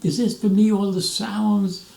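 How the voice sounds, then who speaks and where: A man's voice: high voice, flat delivery, a little slow, vocal fry, mellow, pitched above the performer's own voice. A man in his nineties quoting a baffled, grumpy young southern soldier in a raised voice. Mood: bewildered. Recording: roomy echo, mic at a distance.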